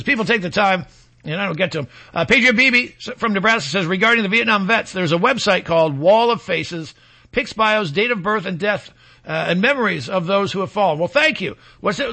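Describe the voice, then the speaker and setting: High bright-voiced male radio host. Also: creaky. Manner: rambling, mocking, animated asides. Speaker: radio talk show host. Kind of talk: political talk radio monologue.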